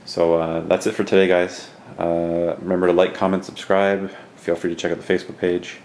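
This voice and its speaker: Deep-voiced man quietly rambling through game pickups. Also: fairly quick, a little hiss or hum. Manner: relaxed, rambling, many fillers; keeping his voice down. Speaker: video game collector vlogger. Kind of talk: casual show-and-tell vlog. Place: home at night.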